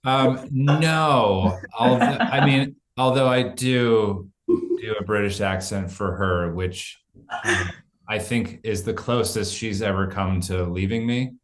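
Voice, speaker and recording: Man, lowish voice, wry self-deprecating humor, halting answers. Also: echoey room, a little hiss or hum. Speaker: actor guest. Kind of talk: video interview answers.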